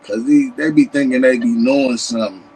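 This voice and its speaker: A man with a Tennessee accent showing off maps and artifacts in a casual vlog, animated and emphatic, breaking into shouts. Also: mid-range voice, fairly quick, slight background noise, low-quality recording. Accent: Southern US, Tennessee. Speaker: history vlogger. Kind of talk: excited casual show-and-tell.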